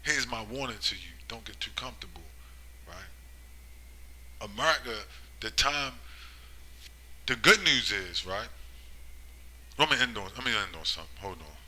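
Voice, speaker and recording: Preaching man with a bright, forceful voice. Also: moderate pace, pauses often, low-quality recording. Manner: rhetorical, keeps asking "right?" and "you see?"; swings between loud emphatic bursts and low muttering. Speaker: religious commentator. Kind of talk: preaching monologue.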